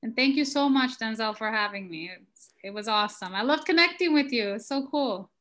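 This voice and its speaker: A woman guest on a podcast, talking in a relaxed, casual way with frequent "um" and "kind of". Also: on the high side, brisk.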